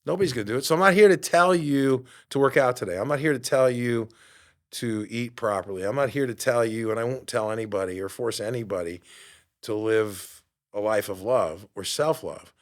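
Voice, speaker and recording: He's in his fifties, a fitness coach who also hosts a podcast, and his mid-range voice moves at a brisk clip. His motivational monologue is animated, with quoted voices acted out.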